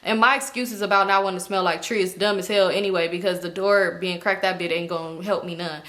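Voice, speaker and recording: A young woman casually telling a storytime in slangy, animated talk, acting out what people said. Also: on the low side, fast talker. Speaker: storytime vlogger.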